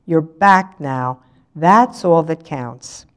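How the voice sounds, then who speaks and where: An older woman voicing a mild middle-aged husband who speaks softly and calmly to smooth things over. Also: low voice, drawn-out words, heavily acted. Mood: placating. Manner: soft, calm, conciliatory.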